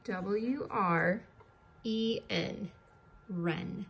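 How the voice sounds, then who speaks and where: A woman teacher walks a class through a recorded distance-learning lesson at an unhurried pace. She spells words out letter by letter in a patient way, at a middle pitch, with a faint hiss behind her voice.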